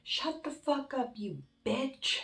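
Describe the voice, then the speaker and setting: A woman's voice: high voice, very animated, slow, sharp tone, distant mic, pitched above the performer's own voice, exaggerated voice. A woman in a storytime vlog voicing an injured, angry young man who screams accusations and repeats himself. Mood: screaming, accusing. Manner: shrieking, frantic, repeating himself. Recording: roomy with faint music.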